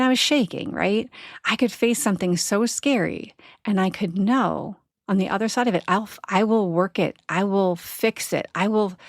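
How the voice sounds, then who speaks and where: A woman's voice: mid-range voice, no echo, clean studio sound. A middle-aged woman hosting a podcast, telling a personal story earnestly and reflectively, often checking in with "right?". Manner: earnest, reflective, frequent "right?" asides and laughs. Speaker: podcast host.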